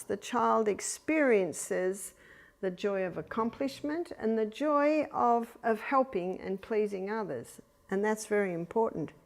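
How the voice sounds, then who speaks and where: An older woman with an Australian accent, giving a lecture on raising children, telling anecdotes with chuckles and softly acting out gentle commands. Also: mid-range voice, gravelly. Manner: anecdotal, chuckling, acts out quiet commands to babies. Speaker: speaker on child rearing. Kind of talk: lecture to an audience.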